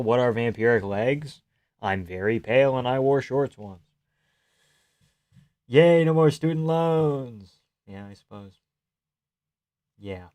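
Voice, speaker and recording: A young man hosts a live stream in a loose, offhand way, reading viewer comments aloud. He swears freely and laughs often. His voice sits at an ordinary pitch and sounds dry and close, with no room echo. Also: a little mellow.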